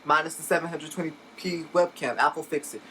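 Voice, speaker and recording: A man chatting casually while unboxing a laptop, excitable and gushing, recorded on a phone at home. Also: on the high side, brisk, a little hiss or hum, rough recording. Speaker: tech unboxing vlogger. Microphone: phone camera. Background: background music.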